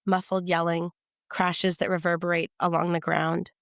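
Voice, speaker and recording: A woman reading her novel aloud in the first person, in a measured, tense storytelling manner. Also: fairly low pitch, level tone, creaky, dry recording, studio quality.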